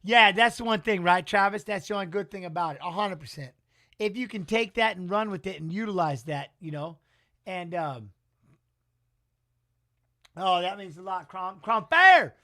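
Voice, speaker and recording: A man's voice: sits high, moderate pace, pauses often, sharp tone. A middle-aged man giving casual live fight commentary in a rambling, emotional, salty way. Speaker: watch-along commentator.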